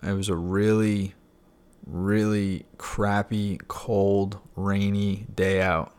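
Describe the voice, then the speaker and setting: Young guy with a low voice telling his story straight, lots of uh and you know, pretty blunt. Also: little pitch movement, slow, darkish tone, smooth. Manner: casual and frank, with frequent fillers and mild swearing. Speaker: podcast guest sharing his recovery story. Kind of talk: candid personal storytelling.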